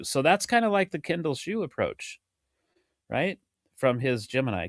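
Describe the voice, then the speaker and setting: A man's voice: mid-range voice, very animated, a little slow, no room sound, clean studio sound. A middle-aged man hosting a podcast and chatting casually, rambling and cutting himself off, with the hiccups. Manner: rambling, self-interrupting, laughs often. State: has the hiccups. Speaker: podcast host and drum teacher. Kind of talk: casual chat.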